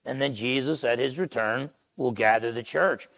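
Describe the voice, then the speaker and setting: A man's voice: mid-range voice, normal speed, gravelly, a bit bright, no echo. A middle-aged man with a New Jersey accent, preaching a sermon and telling a story, acting out the people he quotes. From Essex County, New Jersey. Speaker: pastor.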